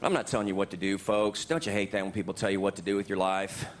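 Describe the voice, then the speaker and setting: A man doing stand-up comedy on a club stage, animated and jumping into loud high voices for his bits. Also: quick pace, slight background noise. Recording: live club recording with crowd laughter. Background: laughing audience.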